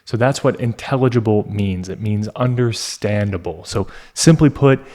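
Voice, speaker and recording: A man teaching an English test lesson, explaining scoring criteria in a deliberate, teacherly way with pauses. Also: fairly low pitch, a little mellow.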